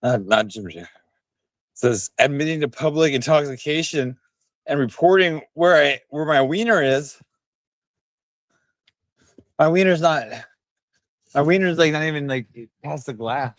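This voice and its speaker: A man's voice: a little high, unhurried, long pauses, no room sound. A tipsy man live streaming while walking outdoors, rambling and bantering rowdily with his chat on a handheld phone. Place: outdoors on town streets.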